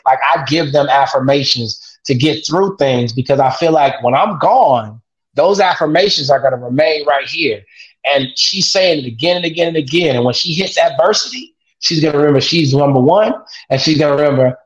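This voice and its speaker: Dad guesting on a podcast, kinda high voice, pumped up motivational repeating stuff, echoey muffled audio. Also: male voice, moderate pace. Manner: energetic and repetitive, like a motivational speaker. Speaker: podcast guest, father of two daughters. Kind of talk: casual podcast interview. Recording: echoey, dull lo-fi sound.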